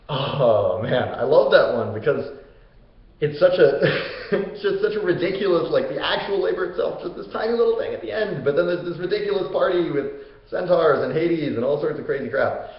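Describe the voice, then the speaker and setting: A young man hosting a comedic, casual retelling of an old myth in a slangy, joking way. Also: a little high. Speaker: host. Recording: echoey room, dull lo-fi sound.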